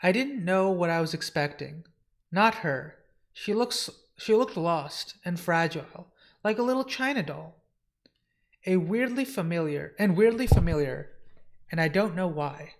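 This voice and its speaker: A man's voice: sits high, lively intonation, a little slow. A man voicing a blunt, wary young woman in her twenties while reading a comic. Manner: blunt, plain-spoken.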